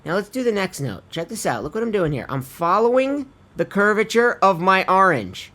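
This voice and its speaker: In a casual screen-recorded tutorial on vocal tuning, a man speaks in a high, very animated, sharp-toned voice at a moderate pace. The music producer keeps it chatty and easygoing, swearing offhand and referring to viewers as his friends.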